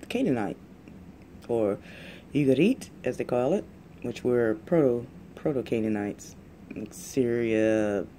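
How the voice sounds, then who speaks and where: A man explaining in a casual, rambling monologue, halting often and restarting his sentences as he goes. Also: medium pitch, warm tone, slight background noise. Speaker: channel host.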